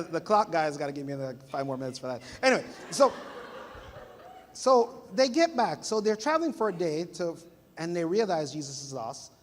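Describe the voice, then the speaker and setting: Man preaching, high voice, long church reverb, middle-aged, from Jamaica, animated storyteller. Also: a little hiss or hum. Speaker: pastor. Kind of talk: sermon. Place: church sanctuary.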